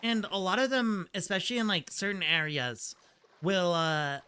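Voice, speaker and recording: Bright-voiced, rambling male streamer. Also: sits high, moderate pace, clear, resonant tone. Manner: rambling, full of "like" fillers, laughs easily. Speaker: streamer and voice actor. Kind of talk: casual gaming stream chat. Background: faint game music.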